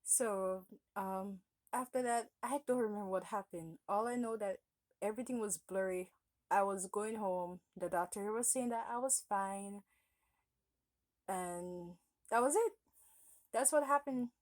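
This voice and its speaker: A woman speaking to her camera in a casual storytime ramble, circling back to correct herself as she goes. Her voice sits at an ordinary middle pitch, and the recording is close and dry. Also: unhurried, no echo. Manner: rambling, often correcting herself mid-sentence. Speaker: vlogger telling a personal story.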